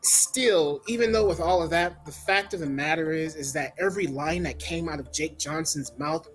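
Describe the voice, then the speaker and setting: A man's voice: on the high side, normal speed, soft background music. A man giving a blunt, casual movie review, ranting with lots of "like" and some swearing.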